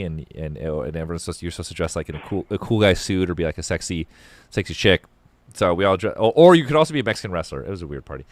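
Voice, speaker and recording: Fast-talking deep-voiced male host. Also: a bit bright, no echo. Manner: rambling, profane, storytelling. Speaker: podcast host taking calls. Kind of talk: casual livestream call-in chat.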